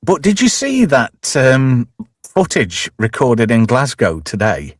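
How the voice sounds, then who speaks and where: A man hosts a loose, joking chat show, rambling through stories with lots of restarts. His pitch swings widely as he talks, and the sound is close and dry, with no room around it. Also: wildly swooping pitch, slow, slightly rough, no echo. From lived in Alberta, Canada. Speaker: host. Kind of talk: casual livestream banter.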